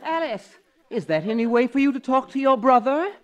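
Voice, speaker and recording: A man's voice: very high voice, lively intonation, a little fast. A man playing a prim, stiffly formal brother-in-law in a 1940s radio sitcom. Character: stuffy, prim brother-in-law who handles business. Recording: very noisy old radio broadcast.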